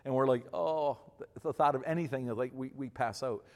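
A man in his fifties with a mid-pitched voice, talking folksy and emphatic as he advises an audience. His words carry a long hall reverb. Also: quick pace. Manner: folksy, emphatic, repeats himself. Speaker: speaker giving marriage advice to men. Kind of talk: advice talk to an audience.

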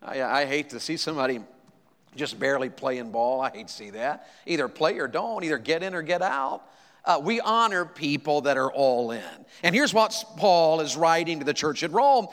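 A man's voice: fairly high pitch, animated, moderate pace, fairly bright tone, long reverb tail. A man preaching a sermon, telling stories and calling out to the congregation. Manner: storytelling, addresses congregation directly. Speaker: pastor.

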